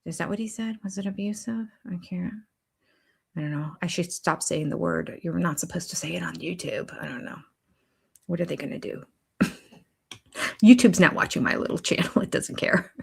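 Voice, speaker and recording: An older woman hosting a reaction channel, giving chatty, opinionated commentary that wanders into rambling asides. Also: mid-range voice.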